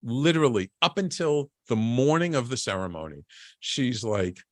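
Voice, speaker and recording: A man as an interview guest telling a personal story in a lively way. He often restarts and repeats words, and he acts out the people he quotes. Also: medium pitch, normal speed, dry recording, studio quality. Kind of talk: conversational storytelling.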